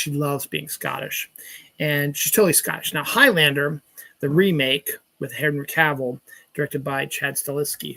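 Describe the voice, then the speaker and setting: A man's voice: fairly high pitch, creaky, fairly bright tone, no room sound. A middle-aged man hosting a casual solo podcast, rambling through entertainment news with frequent swearing and lost trains of thought. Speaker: podcast host.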